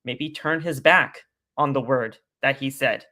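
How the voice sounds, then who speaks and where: A man as a guest on a casual live stream, talking at length in an animated, rambling way and repeating his stock phrases. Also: mid-range voice, measured pace.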